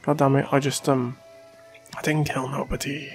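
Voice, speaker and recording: A man joking his way through casual gameplay commentary, with loud outbursts and rambling asides. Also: mid-range voice, level tone, moderate pace, faint music behind.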